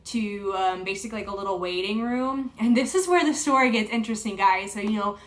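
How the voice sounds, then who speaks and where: A woman's voice: mid-range voice, a little fast. A young woman telling a personal story to camera in a chatty, casual way, full of fillers and retold dialogue. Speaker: vlogger.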